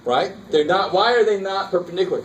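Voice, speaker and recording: A man's voice: high-pitched, a little fast, distant mic. Man teaching math in an echoey classroom. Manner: casual, engaged, keeps checking students follow. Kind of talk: classroom lecture. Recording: roomy classroom recorded from afar, faint noise.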